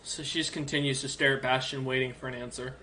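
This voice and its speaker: A game master narrating a tabletop game, animated and often laughing between descriptions. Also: mid-range voice, fast, slight background noise.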